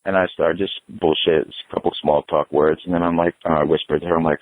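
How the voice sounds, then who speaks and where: A man, a podcast guest, telling a story in casual chat, animated and profane, laughing through it. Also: deep voice, fast talker, hardly any pauses, no room sound, narrow, tinny audio.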